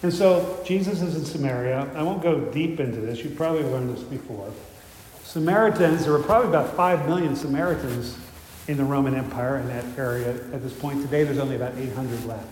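A man's voice: medium pitch, fairly quick, a little mellow, a little hiss or hum. Male preacher, conversational storyteller, roomy church reverb. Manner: storytelling, conversational, with frequent fillers and restarts. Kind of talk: sermon. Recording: echoey hall with faint ambience.

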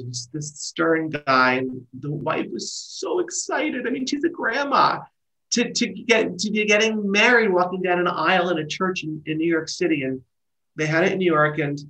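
Animated, storytelling male wedding planner. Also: a little high, normal speed, poor audio. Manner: animated storyteller, trailing restarts. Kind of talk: casual conversation.

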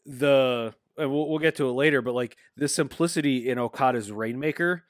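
A man of middle pitch talks casually on a podcast, hesitant and full of ums, now and then pushing into emphatic bursts. His voice sounds dry and close, with no room around it. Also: normal speed, no room sound. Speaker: podcast co-host. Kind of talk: casual chat.

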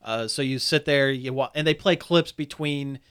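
A man's voice: mid-range voice, moderate pace, a bit bright, clear, resonant tone. A man co-hosting a podcast, chatting casually and rambling through a story with lots of fillers. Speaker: podcast co-host. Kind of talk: casual chat.

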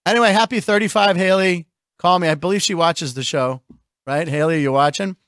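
A man's voice: on the high side, brisk, a bit bright, clean tone, no room sound, studio quality. A man hosting a sports and comedy show, chatting casually and laughing often. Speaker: host.

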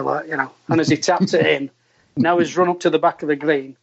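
A man, a former caddie, telling an earthy, animated anecdote and acting out the voices he quotes. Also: fairly high pitch, brisk. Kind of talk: storytelling anecdote. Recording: dull lo-fi sound.

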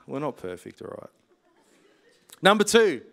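A man, preaching a casual sermon full of stories, chatty and quick to laugh. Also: fairly high pitch, big pitch swings, gravelly, a bit bright, a little hiss or hum. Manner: chatty, laughs often, colloquial.

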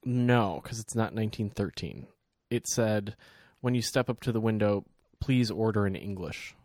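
A man co-hosting a podcast in casual chat, joking wryly and clearing his throat, a little congested. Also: lowish voice, moderate pace, a little mellow, dry recording, clean studio sound. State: slightly congested. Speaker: podcast co-host.

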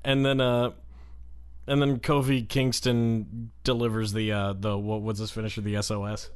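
A man's voice: on the low side, flat delivery, moderate pace, clear, resonant tone. A man co-hosting a casual podcast, rambling through a wrestling recap with lots of fillers and laughs. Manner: slips into exaggerated crowd voices when retelling. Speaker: podcast co-host.

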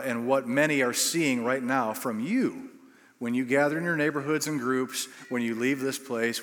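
A man's voice: medium pitch, a bit bright. A male pastor preaching a sermon, telling a story and building to bursts of emphasis. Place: church sanctuary. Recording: long reverb of a church hall.

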